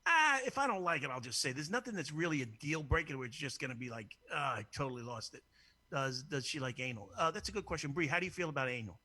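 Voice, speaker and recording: A man hosting a crude, casual call-in show, brash and profane and quick to laugh. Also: on the high side, big pitch swings, bright, forceful tone. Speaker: host.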